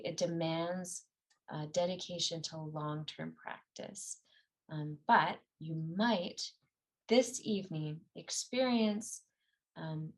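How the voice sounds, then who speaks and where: Woman, middle-aged, fairly low voice, earnest teacher, casual talk with ums. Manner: earnest, conversational, with fillers and self-corrections. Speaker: meditation and ski performance teacher. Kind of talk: guided class talk.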